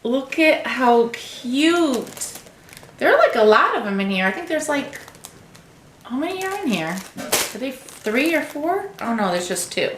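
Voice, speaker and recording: A woman's voice: high voice, sing-song, measured pace, echoey room, background noise. A woman vlogger unboxing a subscription box at home, gushing over each item and cooing to her cat. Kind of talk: casual unboxing chat.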